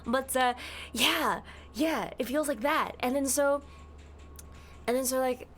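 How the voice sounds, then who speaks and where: A woman's voice: high voice, takes it slowly, fairly bright tone, a little hiss or hum. A woman live-streaming in a casual, rambling way, greeting her chat by name and slipping into silly voices. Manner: playful, drops into silly voices.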